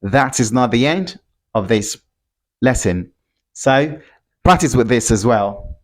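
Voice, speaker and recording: Very slow, deliberate male pronunciation teacher. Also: medium pitch, lively intonation. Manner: drills sounds by repeating them, stretching and exaggerating; checks in with "right?".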